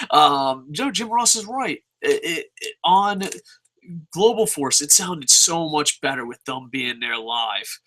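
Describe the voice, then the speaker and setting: A man's voice: a little high, slow pace. A man ranting casually and profanely as he reviews wrestling shows. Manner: profane and animated, mocking others in silly voices.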